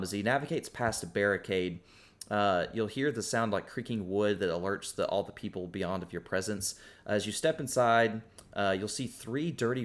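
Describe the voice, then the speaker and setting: A man runs a tabletop game, describing scenes quickly and with lots of fillers. His voice sits low and stays casual throughout. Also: fairly bright tone. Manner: fast-talking, filler-heavy. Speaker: game master.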